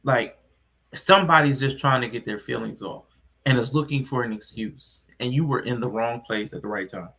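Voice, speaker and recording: A man's voice: medium pitch, normal speed, fairly bright tone. A man co-hosting a podcast, chatting in a laid-back, joking way. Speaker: podcast co-host. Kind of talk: casual chat.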